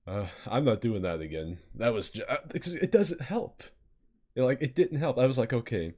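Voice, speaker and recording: A man's voice: medium pitch, moderate pace, darkish tone. A man hosting a podcast in casual chat, swearing and self-mocking, often laughing. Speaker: podcast host.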